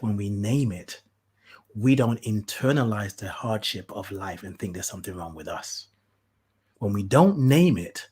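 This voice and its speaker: In a casual spiritual podcast, the host comes across heartfelt and preachy, bursting into animated rants and blessing whoever is listening. The medium-pitched voice carries a slight roughness.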